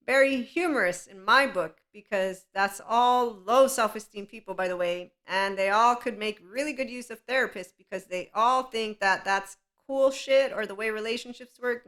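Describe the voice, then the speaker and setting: A woman's voice: mid-range voice, bright, forceful tone. A woman hosting a podcast, telling a personal story in a candid, blunt way and laughing often. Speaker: podcast host. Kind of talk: casual monologue.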